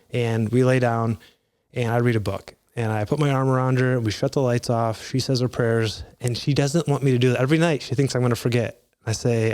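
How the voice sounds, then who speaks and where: A man's voice: medium pitch, a little mellow. A man in his thirties giving earnest, conversational advice to fathers, with restarts and asides. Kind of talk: casual motivational talk.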